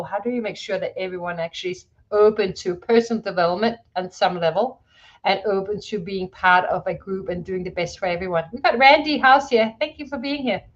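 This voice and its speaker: A woman's voice: mid-range voice, dull audio. A woman hosting a livestream interview, enthusiastic and greeting her viewers. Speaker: host.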